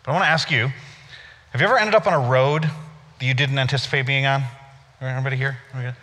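A man's voice: mid-range voice, quick pace, sharp tone. A man preaching a sermon to a congregation, telling stories in a conversational way with playful asides to the crowd. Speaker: pastor. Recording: reverberant church hall.

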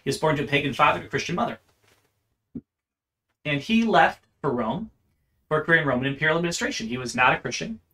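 A man's voice: a little high, lively intonation, quick pace, long pauses, bright, forceful tone. A man teaching church history in an unscripted lecture, earnest and explanatory, often restarting his phrases.

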